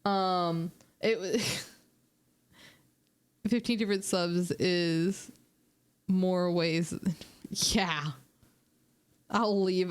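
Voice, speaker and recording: A young woman streamer casually telling animated, chatty stories to her viewers, laughing and swearing along the way. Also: medium pitch, slow, pauses often, clear, resonant tone. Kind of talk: casual storytelling.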